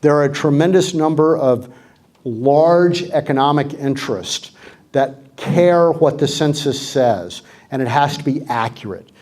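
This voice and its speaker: A man's voice: fairly high pitch, animated, measured pace, darkish tone. A middle-aged man speaking as guest at a club meeting, with wry, joking sarcasm and a dry delivery. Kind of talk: political club talk with Q&A. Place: community clubhouse meeting room.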